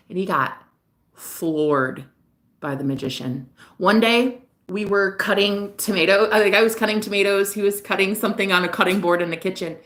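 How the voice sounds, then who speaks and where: A woman's voice: medium pitch, fairly bright tone. Rambling, sleepless woman vlogger venting late at night. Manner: rambling, candid, swears freely. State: sad and sleepless. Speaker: vlogger and psychic reader. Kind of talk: confessional late-night vlog.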